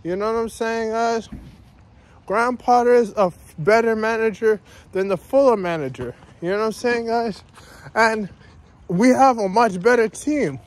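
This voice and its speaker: Out on a walk through his neighborhood, this male vlogger rants casually, going over the same points and saying "guys" nonstop. He has a high voice and keeps a moderate pace.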